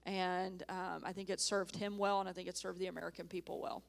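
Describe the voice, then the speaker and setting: A woman's voice: fairly low pitch, fairly quick, creaky. A woman in her thirties, a former press secretary, answering questions earnestly and emphatically in an onstage interview at a conference. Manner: earnest, emphatic, even-toned. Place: conference stage.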